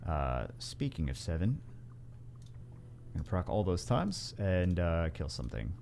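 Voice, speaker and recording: Low-voiced man rambling over gameplay. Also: sing-song, measured pace, vocal fry, a little mellow, slight background noise. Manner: rambling, self-correcting, wry. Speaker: gaming video host. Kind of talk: casual gameplay commentary.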